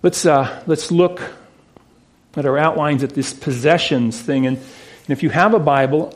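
Earnest preaching man, slightly high voice. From United States. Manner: earnest, rising to emphatic, dropping to hushed awe. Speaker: pastor. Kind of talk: sermon.

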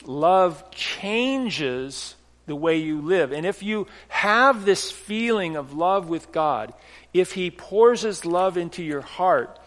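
Earnest preacher in a reverberant hall. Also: male voice, sits high, lively intonation, slow. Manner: earnest storytelling with restarts, swinging from hushed to emphatic. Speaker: pastor. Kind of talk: sermon.

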